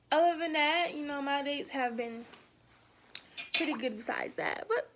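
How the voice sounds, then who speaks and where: A young woman with a high, bright-pitched voice tells a story in a relaxed vlog. She is lively and chatty, and she slips in slangy bits of dialogue as she goes. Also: takes it slowly, slight background noise. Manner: animated retelling that acts out quoted dialogue, with casual slang. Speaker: vlogger.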